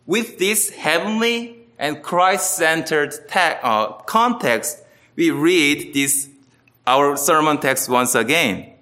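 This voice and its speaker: Slow, bright-voiced man preaching. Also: on the high side. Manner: earnest, emphatic, with wide swings between loud and quiet. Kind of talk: sermon.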